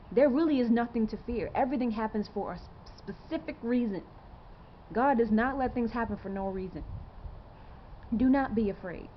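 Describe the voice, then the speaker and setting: A woman's voice: on the high side, dull audio, a little hiss or hum. A woman in her twenties talking straight to camera in a rambling, earnest way, full of fillers and rhetorical questions. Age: 20s. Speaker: vlogger. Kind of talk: casual to-camera monologue.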